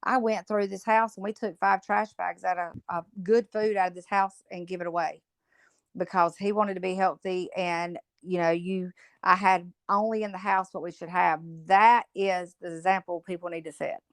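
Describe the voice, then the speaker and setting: A woman's voice: on the low side, fairly even intonation, moderate pace, dry recording. Blunt woman in her fifties. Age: 50s. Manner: blunt, outspoken storytelling. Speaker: podcast guest, motivational speaker. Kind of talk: casual interview chat.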